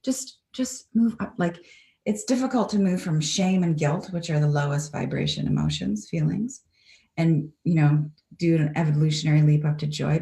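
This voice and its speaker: A woman's voice: deep voice, moderate pace, gravelly, mellow, reverberant. A Canadian woman speaking earnestly and reflectively as an interview guest over a video call.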